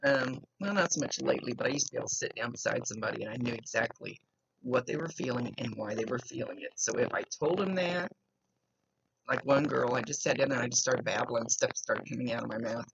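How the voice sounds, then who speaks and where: A woman's voice: a bass voice, fast, vocal fry. A woman psychic medium talking casually in a chatty, rambling way during a reading. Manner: chatty, rambling, laughs often. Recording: lo-fi with faint noise.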